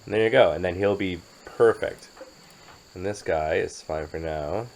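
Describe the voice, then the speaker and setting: A man's voice: low voice, fairly quick, fairly bright tone, slight background noise, poor audio. A man narrating and commenting on his own gameplay in a playful, chatty way with jokey asides. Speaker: game commentator.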